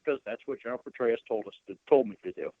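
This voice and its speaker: Older ex-Marine colonel guest, folksy anecdotes, heard over a tinny phone line. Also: male voice, mid-range voice, fast talker, no room sound. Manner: folksy, self-deprecating anecdotes with frequent restarts. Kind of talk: casual storytelling interview.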